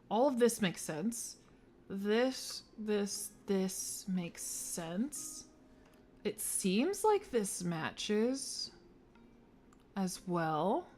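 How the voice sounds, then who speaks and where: A woman's voice: mid-range voice, a little mellow. A woman streamer giving let's play commentary, thinking aloud through puzzles, swearing freely and joking around. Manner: playful, jokes between puzzles.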